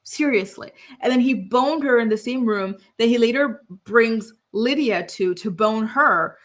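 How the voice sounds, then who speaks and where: A woman's voice: a little high, measured pace. A woman recapping a reality show in casual commentary, blunt and scornful, rambling on with lots of fillers.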